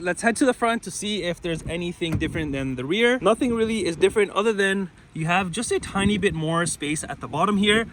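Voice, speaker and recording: High-voiced man touring a car. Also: fairly bright tone, slight background noise. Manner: enthusiastic, conversational, with fillers. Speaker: car reviewer. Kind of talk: casual car walkaround. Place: outdoors around a parked car, then inside it.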